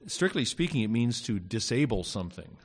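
A man teaching a Greek grammar class in a casual lecture, pausing often with fillers and dropping wry asides. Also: medium pitch, sing-song.

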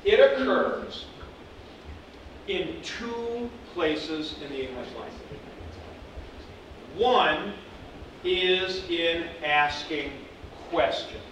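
Slow-talking man lecturing in an echoey room. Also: sits high, distant mic, background noise. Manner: animated, acts out example sentences. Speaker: teacher. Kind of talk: classroom lecture.

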